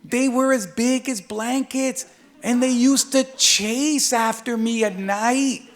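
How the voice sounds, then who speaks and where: A man voicing a young girl cousin in a storybook, recalling in a soft storytelling manner. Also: very high voice, steady tone, slow, voice pushed up.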